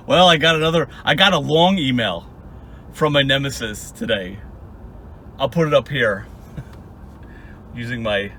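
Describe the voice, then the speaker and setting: A man's voice: medium pitch, sharp tone, a little hiss or hum. A man hosting a casual commentary vlog, mocking someone with frequent laughs and silly impressions. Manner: mocking, laughs often, mimics others in goofy voices. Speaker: YouTube commentary host.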